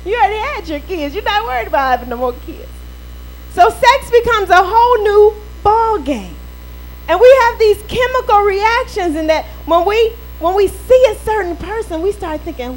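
A woman pastor with a very high voice delivers a sermon. She is playful, acts out little quoted voices and laughs often as she preaches. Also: expressive, moderate pace, low-quality recording.

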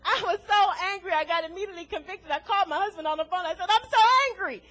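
A woman's voice: very high voice, steady tone, racing, fairly bright tone. A woman preaching a sermon to a congregation in a church, emphatic and full of rhetorical questions, chuckling between points.

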